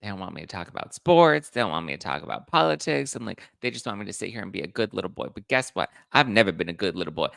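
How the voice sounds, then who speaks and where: A man's voice: on the low side, very animated, fast, vocal fry, hardly any pauses, fairly bright tone, no echo, clean studio sound. A man hosting a live pop culture chat, reading viewer comments and acting out quotes in a chatty, camp way. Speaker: host.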